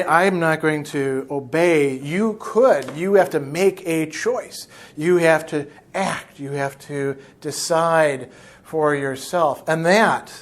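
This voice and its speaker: A man with a fairly high voice gives a philosophy lecture on a novel. He talks in a thoughtful, explanatory way, working through ideas as he goes. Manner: reflective, explanatory. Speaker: philosophy teacher.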